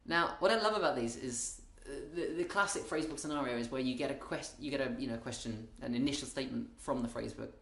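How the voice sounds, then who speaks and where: A British man talks through a comic monologue in a wry, meandering way. He keeps stopping mid-thought to restart, and his voice sits at an ordinary middle pitch. The room around him rings with noticeable echo. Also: fast, creaky, hardly any pauses, fairly bright tone. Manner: wry, rambling, self-interrupting. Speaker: comedian.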